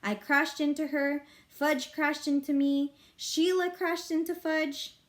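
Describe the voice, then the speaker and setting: A woman's voice: high voice, slow pace. Woman reading a children's novel aloud. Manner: expressive, lively narration. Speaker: reader.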